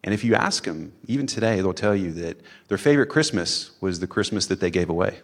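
A man with a somewhat low voice tells a personal story live on stage. He talks in a loose, chatty way, dropping "like" often and acting out what people said. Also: animated, a little fast, slight background noise. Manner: casual, chatty, many "like" fillers, acts out quotes. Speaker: storyteller, father of three boys.

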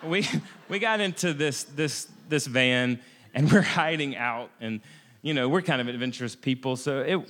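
An American man telling a self-mocking travel anecdote in a lively way, often restarting his sentences. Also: mid-range voice, moderate pace, in a large hall. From United States. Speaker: storyteller. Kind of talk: comic personal travel anecdote.

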